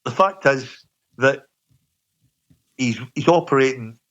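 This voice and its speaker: A man's voice: medium pitch, slow, a bit bright. A man giving his opinion as a guest on a sports talk show, often restarting his sentences. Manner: opinionated, restarts sentences, uses "you know" and "mate". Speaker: guest pundit. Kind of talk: casual sports radio chat. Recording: dull lo-fi sound.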